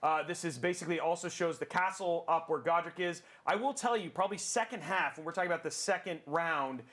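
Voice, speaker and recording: A man hosting a live stream, commentating on a game in an excitable, rambling way with frequent restarts. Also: a little high, brisk.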